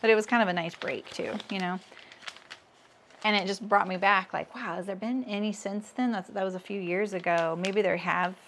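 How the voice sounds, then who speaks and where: A woman's voice: medium pitch, fairly even intonation, normal speed, a bit bright, slight background noise. Chatty woman sewing on a livestream. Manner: chatty, answers viewer comments, laughs at own jokes. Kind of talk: casual livestream chat while sewing.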